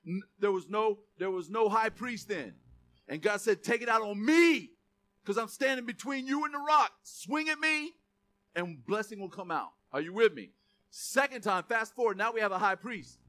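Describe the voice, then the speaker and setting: High-voiced, bright animated preacher. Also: male voice. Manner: animated, jokey asides, reads scripture aloud; shouts quoted lines. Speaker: pastor. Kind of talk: sermon.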